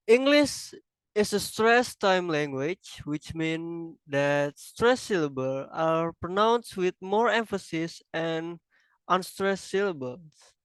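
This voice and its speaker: Slow halting man giving a class presentation. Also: sits high, clear, resonant tone, dry recording, poor audio. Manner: halting, self-correcting, non-native phrasing. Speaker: student presenter.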